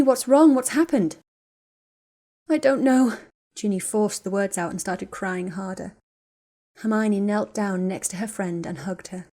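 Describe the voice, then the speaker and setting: A female narrator reading a story aloud in a steady, measured manner at a middling pitch. The delivery is plain audiobook storytelling.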